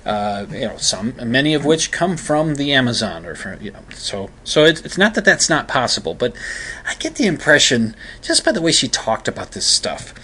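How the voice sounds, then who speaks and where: A man's voice: mid-range voice, big pitch swings, normal speed, sharp tone, slightly rough. A man with an ordinary mid-range voice talks through a story in a loose, unscripted way. He circles back on himself with plenty of fillers and false starts. His delivery carries a wry, skeptical tone. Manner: rambling, lots of fillers and restarts. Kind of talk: casual commentary monologue.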